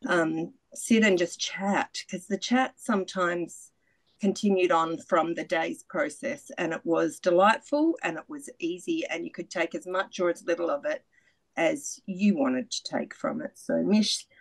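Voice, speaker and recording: A woman's voice: fairly low pitch, measured pace, vocal fry, rough recording. A middle-aged woman giving a candid, self-mocking spoken testimonial as a retreat participant, laughing often and swearing freely.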